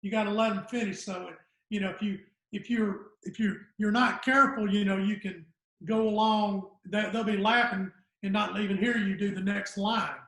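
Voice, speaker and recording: A steady, high-pitched, fairly bright male voice at normal speed belongs to a guest comedian in his 60s from the Southern United States. He tells rambling stories and trails off during casual podcast chat, and the room is echoey.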